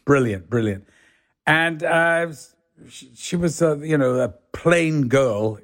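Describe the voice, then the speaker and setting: An older man from England tells stories in a soft Yorkshire accent, his voice sitting a little high for a man. He rambles easily from one memory to the next and peppers his talk with "you know." It is relaxed, anecdotal conversation. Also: slow. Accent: northern English, soft Yorkshire. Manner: rambling storyteller, many "you know"s, does voices in quotes. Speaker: guest actor. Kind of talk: casual anecdotal chat.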